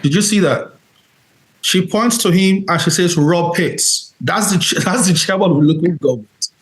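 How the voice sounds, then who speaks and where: A man's voice: high-pitched, moderate pace. A man hosting, giving earnest, emphatic commentary on video clips and repeating his points. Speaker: host. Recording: roomy echo.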